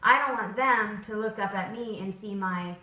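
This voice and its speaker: A woman dog trainer explaining her methods in a casual, expressive way, switching between upbeat and flat tones to show examples. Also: medium pitch, normal speed. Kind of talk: casual instructional talk. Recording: roomy sound from a distant mic.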